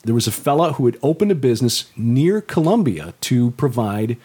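A man's voice: mid-range voice, very animated, moderate pace, dark tone, breathy edge. A man from the St. Louis area co-hosting a casual chat, stammering and restarting a lot and chuckling often. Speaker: co-host and novelist.

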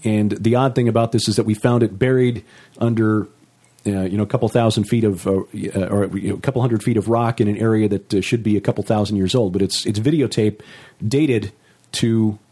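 A man co-hosting a casual podcast chat, speaking in a measured, hesitant way with frequent pauses. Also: on the low side, fairly even intonation, dark tone, husky. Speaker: podcast co-host.

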